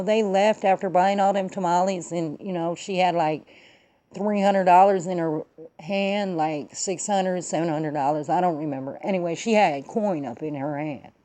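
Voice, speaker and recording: Woman, vlog host, mellow low-bright tone, emphatic, profane, slangy storytelling. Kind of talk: casual political rant and storytelling.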